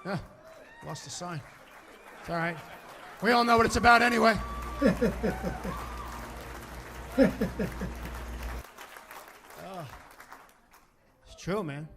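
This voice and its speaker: A man in his fifties doing stand-up storytelling on stage, animated and profane, acting out other people's voices. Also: high-pitched, very slow, pauses often, crowd noise, background noise. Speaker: stand-up comedian. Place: comedy stage before an audience.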